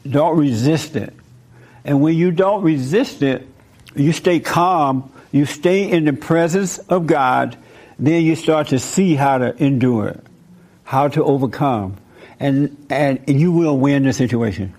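Male preacher, slightly high voice, casual teaching tone, acts out scenes in voices. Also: a little slow. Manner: casual, acts out biblical figures in lively voices. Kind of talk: informal sermon.

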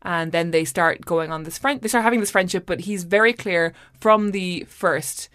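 A woman's voice: on the low side, normal speed, a bit bright, dry recording, studio quality. A woman hosting a casual book podcast, talking chattily with fillers and tag questions. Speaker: podcast host.

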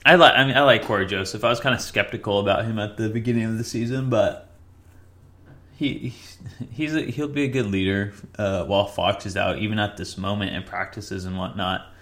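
Rambling young man, low voice. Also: a little fast, fairly bright tone. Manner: rambling, self-correcting, with frequent fillers. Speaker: podcast host. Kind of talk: casual solo sports podcast.

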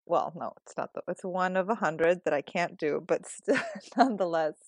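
A woman's voice: on the low side, normal speed, a little mellow, no echo. Chatty woman hosting a podcast. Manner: chatty, laughs often. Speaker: podcast host. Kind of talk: casual conversation.

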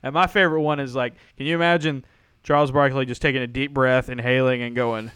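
A man's voice: mid-range voice, steady tone, fast, fairly bright tone, smooth, dry recording. A man co-hosting a casual sports podcast, rambling with many fillers and restarts, often laughing. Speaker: podcast co-host.

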